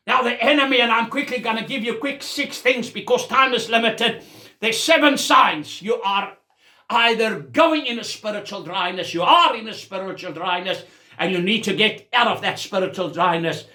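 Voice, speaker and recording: A man's voice: high-pitched, normal speed, bright, forceful tone, roomy sound. A man preaching a sermon as senior pastor, with a South African accent, exclaiming as he goes.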